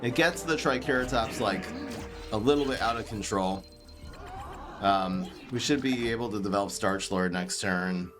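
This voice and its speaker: A man with a light New York-tinged East Coast accent, streaming a card game and thinking aloud in excitable, laughing commentary. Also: on the low side, moderate pace, music in the background.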